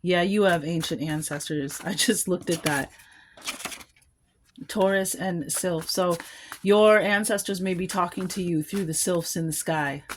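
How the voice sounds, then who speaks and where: Low-voiced woman giving a tarot reading. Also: measured pace, a little hiss or hum. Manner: rambling, musing aloud with small laughs. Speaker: tarot card reader.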